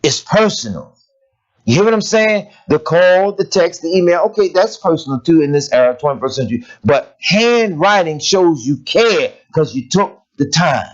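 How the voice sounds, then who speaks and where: A man preaching a sermon in a lively, conversational way, asking rhetorical questions and laughing as he goes. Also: on the high side, moderate pace. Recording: dull lo-fi recording.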